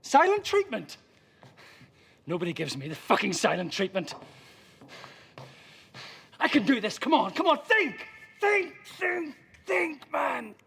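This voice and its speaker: A man playing a raspy, frantic interrogator. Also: high-pitched, wildly swooping pitch, measured pace, pauses often, heavily acted. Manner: shouting, swearing, muttering to himself. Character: desperate, volatile male interrogator, cursing at himself. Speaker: frustrated interrogator. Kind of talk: indie film acting.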